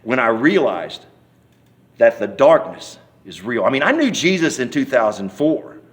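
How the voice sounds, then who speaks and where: A man's voice: mid-range voice, a little slow. Man telling a folksy testimony. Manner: animated storyteller, acts out scenes and hollers quoted cries; folksy, rambling speech with many restarts. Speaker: church member giving testimony. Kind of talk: personal testimony told in an interview.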